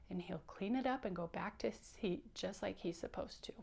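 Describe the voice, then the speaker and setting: A young adult woman teacher giving an interactive read-aloud for children, bright and encouraging. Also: medium pitch, brisk, vocal fry, few pauses.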